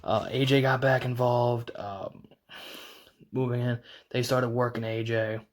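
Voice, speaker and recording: Rambling excited man recapping wrestling. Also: medium pitch. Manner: rambling, fast retelling full of "like" and restarts. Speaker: wrestling video reviewer.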